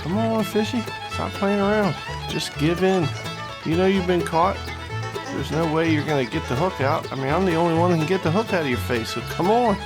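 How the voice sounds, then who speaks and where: A man giving casual, joking play-by-play commentary as host of a gaming video, excitable and full of trash talk. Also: a little high, fairly quick, over music.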